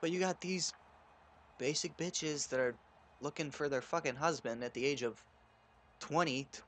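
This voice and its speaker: A young man hosting a gaming channel rants casually while playing a video game, telling crude, profane stories. His voice is on the high side and fairly bright, at normal speed, with slight background noise.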